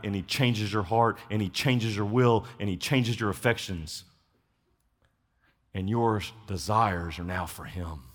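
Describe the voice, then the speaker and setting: A man's voice: lowish voice, big-room sound. A man preaching a sermon as pastor, telling stories and building to impassioned emphasis. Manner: storytelling, rising to impassioned emphasis.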